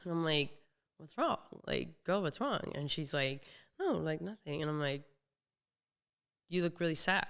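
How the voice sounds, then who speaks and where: A young woman hosting a podcast, telling a story in casual chat, animated and acting out the people she quotes. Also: sits low, moderate pace, vocal fry. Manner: animated, acts out quoted voices, laughs often. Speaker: podcast host.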